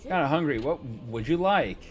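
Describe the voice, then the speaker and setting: A man's voice: on the high side, lively intonation, normal speed, a little hiss or hum. A man casually commentating on a game he is playing, playful and jokey. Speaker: let's play gamer.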